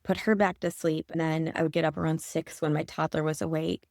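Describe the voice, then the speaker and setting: A woman's voice: deep voice, level tone, a little fast, gravelly, darkish tone, no room sound, clean studio sound. A woman in her forties from Michigan, a podcast guest telling an earnest, emotional personal story. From Michigan, USA.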